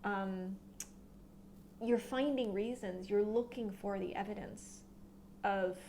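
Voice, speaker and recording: A woman giving a monthly tarot reading, musing aloud with frequent restarts and fillers, sometimes dropping into soft near-whispers. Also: medium pitch, slow, a little hiss or hum. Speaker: tarot reader.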